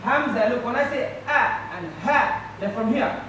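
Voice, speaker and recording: Teacher in an echoey classroom. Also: male voice, very high voice, animated, measured pace. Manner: patient, drills students call and response. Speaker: Quran teacher. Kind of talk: classroom tajweed lesson. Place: classroom with students. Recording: echoey room from far off, crowd noise.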